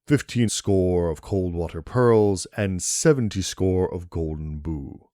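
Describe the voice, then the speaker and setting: A man's voice: low voice, mellow, no room sound, clean studio sound. A man doing a stern old steward reading a will. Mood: formal. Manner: slow, measured, formal reading.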